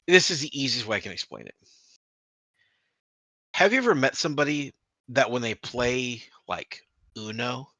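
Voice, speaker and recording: A man co-hosting a casual hobby podcast, talking with animated energy, swearing freely and restarting sentences. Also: medium pitch, no room sound. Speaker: podcast co-host.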